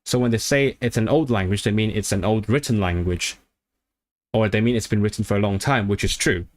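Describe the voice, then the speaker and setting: In a lower-pitched voice, a man chats informally on a livestream about learning languages. He works through his thoughts aloud with frequent restarts and short surges of enthusiasm.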